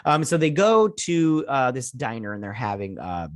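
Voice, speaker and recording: A man's voice: medium pitch, big pitch swings, normal speed, no echo, studio quality. A man hosting a casual episode recap, rambling with lots of fillers as he retells scenes. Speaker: host.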